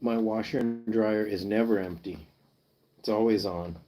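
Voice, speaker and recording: A man's voice: lowish voice, steady tone, normal speed, mellow. A man chatting casually with viewers on a pet rescue livestream, playful and joking, sounding out foreign words for the chat. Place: home.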